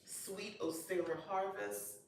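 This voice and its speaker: A woman's voice: medium pitch, slow, creaky, distant mic. Gushing woman in an echoey room. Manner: gushing, excitable, lots of delighted exclamations. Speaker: host. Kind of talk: casual unboxing chat. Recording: echoey room, voice off-mic, faint noise.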